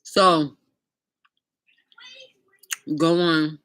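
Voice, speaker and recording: A woman's voice: sits low, steady tone, drawn-out words, fairly bright tone, clear, resonant tone, no room sound. A middle-aged woman vlogger telling a casual story, chatty and speaking straight to her viewers, sometimes eating as she talks.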